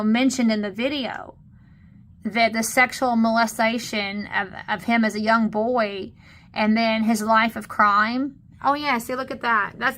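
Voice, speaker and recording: A woman, co-hosting a channel, talking indignantly and haltingly in casual commentary on videos. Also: a little high, pushed and bright. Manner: indignant, halting with many fillers. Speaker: channel co-host. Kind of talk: casual commentary on screen content.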